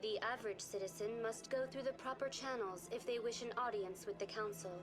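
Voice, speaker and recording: A woman voicing a calm female virtual guide program on a space station, in a polished, even, informative game delivery, with music clearly heard behind. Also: on the high side, fairly quick, close to an everyday voice, low-quality recording. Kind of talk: scripted game voice acting.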